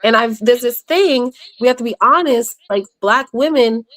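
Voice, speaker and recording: A woman's voice: a little high, a bit bright. Blunt, candid woman in casual debate. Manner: blunt and candid, quick asides and restarts. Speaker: guest. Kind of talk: casual panel discussion.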